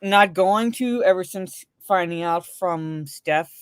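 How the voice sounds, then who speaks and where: A woman's voice: on the low side, slow pace, clear, resonant tone, no echo. Rambling woman streamer, dry sound. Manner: rambling, many fillers and restarts. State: recovering from a migraine. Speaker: co-host reading live chat. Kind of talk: casual livestream chat.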